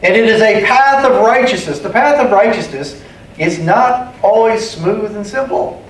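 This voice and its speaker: A man's voice: high-pitched, a little slow. A man preaching a sermon as pastor, emphatic, repeating key phrases and calling for amens. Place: church sanctuary. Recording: echoey room, distant mic, faint ambience.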